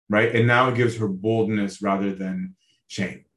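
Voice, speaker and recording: A man's voice: on the low side, steady tone, normal speed, a bit bright. A male priest giving a sermon, speaking earnestly and conversationally, often asking his listeners direct questions and checking in with "right?". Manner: conversational, tags lines with "right?". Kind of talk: sermon on a Bible passage. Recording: roomy echo.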